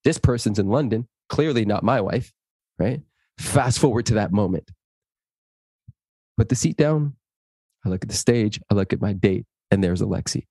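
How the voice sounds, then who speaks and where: A man's voice: lowish voice, slightly rough, dry recording. A man, a guest in an interview, telling stories animatedly and speaking in an earnest, inspirational way. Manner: animated, acts out dialogue in stories; slow, earnest inspirational delivery. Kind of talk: interview storytelling.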